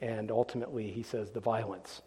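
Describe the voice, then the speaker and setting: A man's voice: fairly low pitch, fairly even intonation, brisk, dark tone, husky, big-room sound. A man preaching a polemical sermon, emphatic and sarcastic, repeating phrases for emphasis.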